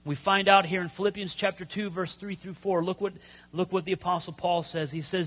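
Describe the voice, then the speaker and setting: A man preaching a sermon, telling stories with pauses and sudden loud emphasis. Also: sits high, steady tone. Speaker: pastor.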